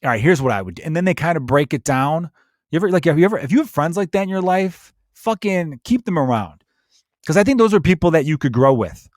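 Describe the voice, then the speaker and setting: A man from Chicago hosting a comedy podcast, ranting in a profane, animated way and slipping into mocking voices. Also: on the high side, brisk, no room sound, clean studio sound. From Chicago, USA. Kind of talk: solo comedic rant.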